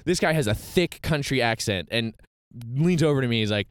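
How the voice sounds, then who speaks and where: Smooth-voiced young man telling a story. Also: medium pitch, brisk, no echo, clean studio sound. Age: young adult. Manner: animated storytelling with laughs and acted quotes. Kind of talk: casual chat.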